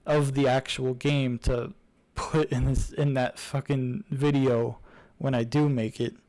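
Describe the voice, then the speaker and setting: A man's voice: medium pitch, little pitch movement, a little slow, a little mellow, low-quality recording. A young man casually reviewing a game series, rambling with many fillers and restarts. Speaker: YouTuber reviewing games.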